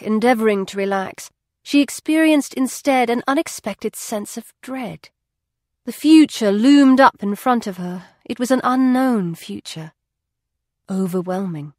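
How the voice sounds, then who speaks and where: A woman reading a novel aloud as an audiobook narrator, in an even, measured storytelling voice. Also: mid-range voice, no room sound. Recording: dry studio.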